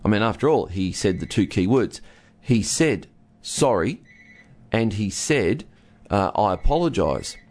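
A relationship counsellor with a lowish, darkish voice speaks at a measured pace but very animatedly in a casual teaching talk with a co-host. He explains listening through an everyday story, acting out both husband and wife.

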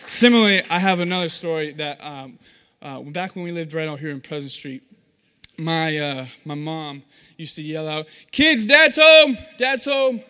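Preaching a sermon, this young man speaks smoothly at normal speed, his voice on the high side. His storytelling is lively and self-deprecating, full of acted-out voices.

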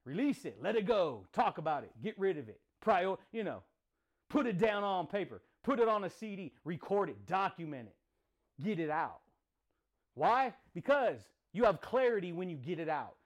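Intense high-voiced man, punchy motivational talk. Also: very animated, normal speed. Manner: intense, punchy, profane, repeats phrases. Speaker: podcast host. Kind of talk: motivational monologue.

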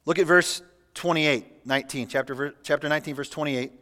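A man preaching a sermon as pastor, reading scripture aloud and adding relaxed, humorous asides. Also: fairly high pitch, brisk. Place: church sanctuary. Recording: church hall with long reverb.

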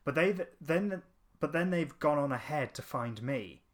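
A man's voice: on the high side, animated, normal speed. A man in casual podcast chat, telling a long story with lots of fillers and restarts. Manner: rambling anecdote with fillers and restarts. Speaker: podcast co-host.

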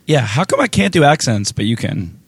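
A man's voice: medium pitch, sing-song, fairly quick, husky, no echo. Crude self-mocking man, dry sound. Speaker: band member in a backstage chat. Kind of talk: casual banter. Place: backstage dressing room.

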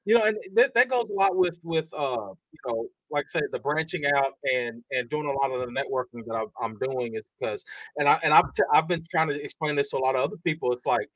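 A man's voice: a little high, no echo, rough recording. A man hosting a podcast in casual chat, often restarting and repeating words as he goes. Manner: halting, repeats words while he finds his thought. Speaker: podcast host.

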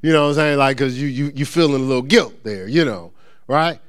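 A male pastor preaching a conversational sermon, joking with the congregation and stumbling into quick repeats and restarts. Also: medium pitch, smooth. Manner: lively, joking asides to the congregation.

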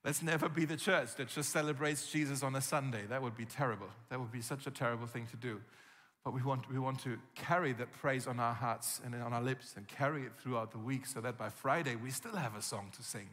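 A man preaching a sermon as pastor, telling the story vividly and acting out scenes with gasps and shouts. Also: mid-range voice, fairly even intonation, fairly quick. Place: church hall. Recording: long reverb from a church hall.

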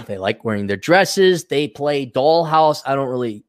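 A man's voice: mid-range voice, expressive, measured pace, dry recording, studio quality. Crude, ranting man on a livestream. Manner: crude, ranting, mimics voices in quotes. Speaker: show host reading superchats. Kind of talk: rambling livestream monologue.

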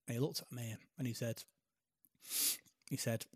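A man's voice: medium pitch, moderate pace, pauses often, no echo, clean studio sound. A man, co-hosting a casual chat, talking hesitantly and reflectively. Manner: hesitant, reflective, soft-spoken. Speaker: podcast co-host.

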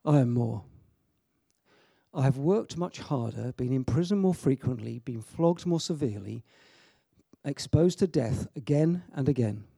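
Chatty preacher, mellow dry voice. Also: male voice, mid-range voice, creaky, husky, no room sound. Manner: chatty, joking asides, many restarts. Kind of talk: informal sermon to a youth audience.

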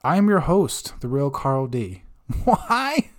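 A man's voice: mid-range voice, animated, unhurried. A man hosting a comedic rant segment, swearing constantly in an exasperated tone. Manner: profane, exasperated ranting. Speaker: host.

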